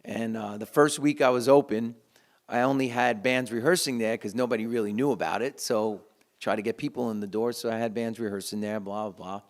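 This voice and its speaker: A middle-aged man telling a heartfelt story in a casual, halting way, with frequent restarts. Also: mid-range voice, fairly even intonation. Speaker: guitarist sharing a memory.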